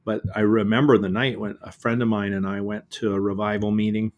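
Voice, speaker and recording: A middle-aged man, an author and guest in a reflective conversation, speaking earnestly and often halting and repeating words. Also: fairly low pitch, flat delivery.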